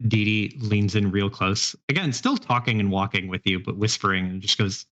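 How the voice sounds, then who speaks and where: A man's voice: lowish voice, normal speed, few pauses, a bit bright. A man running a tabletop horror game as game master, describing scenes in a rambling, filler-heavy way. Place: live stream.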